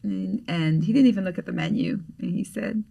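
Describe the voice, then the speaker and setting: A middle-aged woman from Grenada with a Grenadian accent, a podcast guest telling a story in an animated way and acting out the voices she quotes. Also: medium pitch, fairly quick, creaky, distant mic. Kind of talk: storytelling in conversation.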